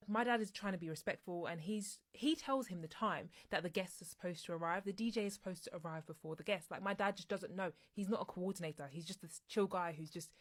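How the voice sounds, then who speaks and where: Young woman, storytime vlog, exasperated, animated, fairly low voice.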